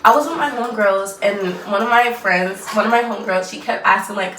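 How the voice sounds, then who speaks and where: A woman's voice: mid-range voice, a little fast, fairly bright tone, a little hiss or hum. A young woman in her twenties chatting casually while doing her makeup, rambling and trailing off mid-sentence. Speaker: vlogger. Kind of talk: casual get-ready-with-me chat. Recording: roomy echo, mic at a distance.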